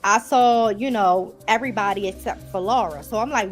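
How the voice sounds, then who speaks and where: A woman's voice: medium pitch, normal speed, soft background music. Chatty Baltimore woman recapping a show. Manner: chatty, addresses viewers as y'all. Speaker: TV episode reviewer. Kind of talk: casual recap to viewers.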